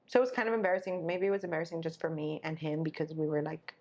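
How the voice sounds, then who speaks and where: A woman's voice: deep voice, fairly even intonation, very fast, a little mellow, highs cut off. A young woman co-hosting a podcast, telling a story in casual chat. She tells it dramatically and acts out the people she quotes. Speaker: podcast co-host.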